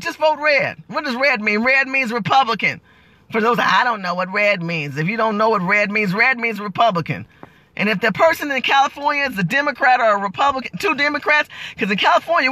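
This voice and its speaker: A woman's voice: medium pitch, bright, forceful tone, no echo. Middle-aged woman, political vlog rant, blunt, fiery, cursing, rhetorical questions, dry close recording. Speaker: political commentator.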